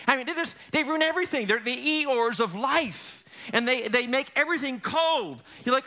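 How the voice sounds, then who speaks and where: A middle-aged man preaching a sermon as pastor, animated and joking, slipping in quick character voices. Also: very high-pitched.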